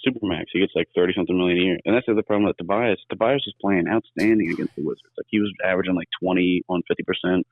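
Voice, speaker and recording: A man calling in to a casual sports chat, telling rambling, animated stories. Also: deep voice, very fast, hardly any pauses, no room sound. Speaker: caller. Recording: tinny phone line.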